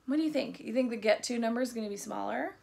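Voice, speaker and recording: A woman teacher recording a math video for young children, her voice sitting a little high. She speaks to the kids directly with playful encouragement and draws out the numbers as she counts aloud. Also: gravelly, husky. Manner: bright, playful and encouraging, talks straight to kids; slow, drawn-out counting aloud.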